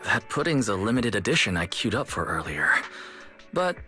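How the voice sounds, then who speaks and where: An actor voicing a calm, earnest young male proxy in a video game, speaking in a measured way with a dry sense of humor. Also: fairly low pitch. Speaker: game character. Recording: game audio with music behind.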